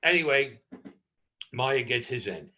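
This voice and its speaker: An older man tells stories as an interview guest, blunt and profane. His voice is bright and forceful. The recording sounds a little dull and muffled. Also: mid-range voice, unhurried. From New York. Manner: blunt, profane, animated storyteller. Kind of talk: storytelling in a podcast interview.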